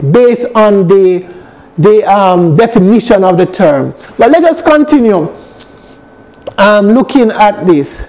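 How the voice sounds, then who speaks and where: A man's voice: very high-pitched, darkish tone, low-quality recording. A man with a Jamaican accent leading a Bible study as a church elder, teaching earnestly, reading scripture aloud and often asking whether his listeners understand.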